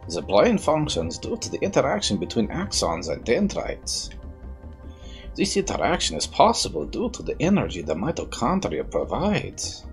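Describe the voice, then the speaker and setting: A man's voice: medium pitch, wildly swooping pitch, moderate pace, soft background music, voice pushed up. A man voicing an eccentric older male scientist with a put-on German-Russian accent, lecturing theatrically.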